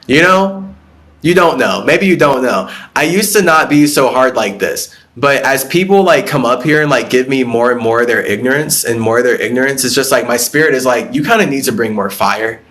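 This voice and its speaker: A man's voice: medium pitch, moderate pace, a bit bright. A man hosting a spiritual live stream who talks bluntly and profanely, rambling through his ideas, answering viewer comments and breaking into laughs.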